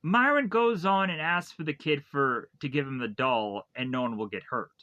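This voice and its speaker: A man's voice: a little high, normal speed, bright, forceful tone. A man reviewing a movie, casually retelling the plot in a rambling way with lots of repeated phrases. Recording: dull lo-fi dry recording.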